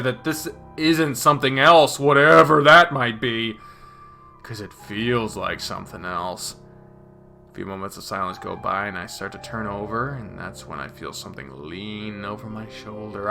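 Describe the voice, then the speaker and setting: A man hosting a channel, reading a visual novel story aloud in the first person with expressive drama, from hushed near-whispers to loud panicked lines. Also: medium pitch, moderate pace, soft background music.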